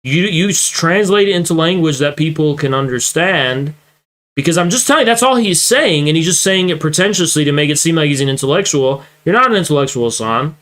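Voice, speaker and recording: Loud, mocking, heated young man. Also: on the high side. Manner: mocking, swearing, growing heated. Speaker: political streamer reacting to clips. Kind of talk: profane reaction commentary.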